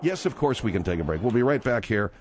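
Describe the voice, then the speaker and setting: Lively, brisk male radio host. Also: mid-range voice, a little hiss or hum. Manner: brisk, interrupting, wry. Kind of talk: comic talk radio hosting. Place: radio studio.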